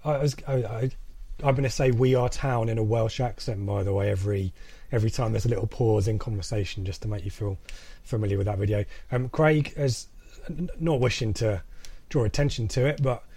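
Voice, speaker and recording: A man's voice: lowish voice, brisk, mellow, breathy edge, no room sound. A man hosting a casual football podcast, chatty with many fillers and restarts. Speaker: podcast host.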